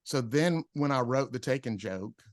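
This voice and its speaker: A man's voice: medium pitch, moderate pace, no echo, clean studio sound. A man who is a comedian, telling stories in a casual podcast chat and acting out the people he quotes. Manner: animated storyteller, acts out quotes. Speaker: comedian guest.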